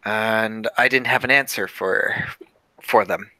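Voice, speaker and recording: A man playing a weary, reflective male police detective in a tabletop role-play. He talks in a thoughtful, halting way, with many fillers. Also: lowish voice, bright, forceful tone, no echo, pitched below the performer's own voice. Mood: musing. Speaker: tabletop game player.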